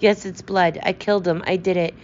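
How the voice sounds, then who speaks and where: Woman reading a scared widow with a secret, tense and pleading, lowish voice, dull recording. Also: brisk, slight background noise, close to an everyday voice. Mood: hysterical. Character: frightened grieving widow, secretly guilty.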